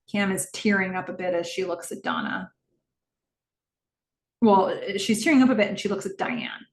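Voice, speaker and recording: Woman recapping a scene, echoey room. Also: mid-range voice. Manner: narrates scenes in present tense, acting out quoted lines. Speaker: podcast host. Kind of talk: episode recap commentary.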